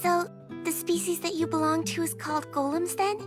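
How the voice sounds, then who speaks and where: An actress voicing a polite, gentle young human girl in an anime dub, speaking in an earnest way. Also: very high voice, steady tone, moderate pace, over music.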